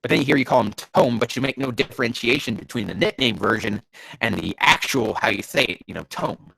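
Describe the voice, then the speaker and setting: Here a man's nose is stuffed up from allergies as he reads terrible fanfiction aloud and mocks it with profane, exasperated remarks. He speaks a little fast in a mid-range voice with vocal fry, sarcastic and prone to yelling, and the recording is dry. The clip is ranting comedic commentary.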